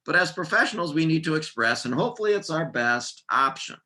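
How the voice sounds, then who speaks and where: Guy running a work training session, bright forceful voice, jokey, rattles off lists. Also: fairly high pitch, a little fast. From United States. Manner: lively, joking presenter with punchy lists. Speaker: workplace trainer. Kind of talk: training seminar lecture.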